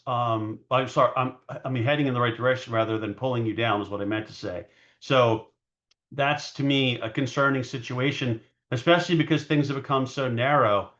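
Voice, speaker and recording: A man's voice: medium pitch, fairly bright tone. A male market analyst talks loosely through his charts in an everyday mid-range voice. He rambles and hedges, catches himself mid-sentence and restarts with plenty of fillers. The recording sounds a little dull and lo-fi. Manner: rambling, hedging, frequent fillers and self-corrections. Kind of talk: casual market commentary over charts.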